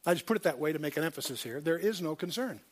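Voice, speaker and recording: A man's voice: on the high side, expressive, racing. Emphatic man teaching a Bible lecture. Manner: emphatic, repeats key points, asks the audience questions. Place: lecture hall with screen.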